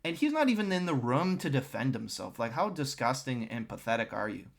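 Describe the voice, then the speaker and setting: A man's voice: mid-range voice, sing-song, fairly quick, vocal fry. A young man streaming, reacting to a clip with sarcastic, scornful commentary aimed at the screen. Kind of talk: casual mocking commentary.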